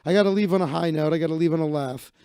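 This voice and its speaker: A man's voice: a little high, very fast, darkish tone, clear, resonant tone, dry recording, clean studio sound. A man hosting a live stream, telling a casual story with lots of restarts and swearing. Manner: rambling, profane, many restarts and fillers. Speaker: live-stream host, magician.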